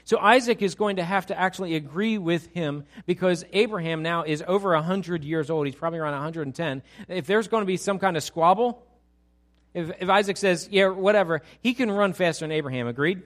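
Middle-aged male preacher, a little high-voiced, animated, keeps quizzing the congregation. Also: a little fast. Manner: animated, rhetorical questions to the congregation. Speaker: pastor. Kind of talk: sermon.

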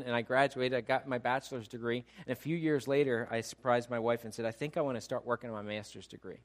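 A middle-aged man preaching a sermon as pastor, swinging between loud emphatic preaching and quiet personal storytelling. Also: medium pitch.

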